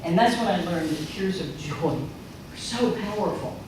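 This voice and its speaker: A middle-aged speaker with a mid-range voice and a slightly slow pace gives a personal storytelling sermon at a spiritual center, animatedly acting out remembered quotes. Recorded from far off in a large, echoey church sanctuary, the audio is noisy.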